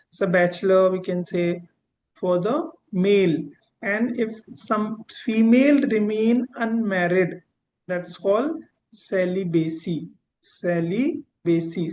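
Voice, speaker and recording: In a low-quality recording with a bit of hiss or hum, an English teacher with a medium-pitched, darkish voice teaches vocabulary. Each word gets repeated and spelled out, with key terms dragged out.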